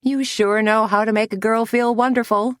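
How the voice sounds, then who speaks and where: Woman reading as a brisk middle-aged café owner, firm and clipped, dry audiobook sound. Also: on the low side, lively intonation, a little mellow, dry recording, lightly acted. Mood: wry.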